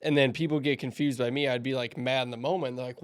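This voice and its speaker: A man's voice: medium pitch, a little fast. Chatty male podcast host. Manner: animated, acts out quoted voices, rambling. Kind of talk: casual podcast conversation.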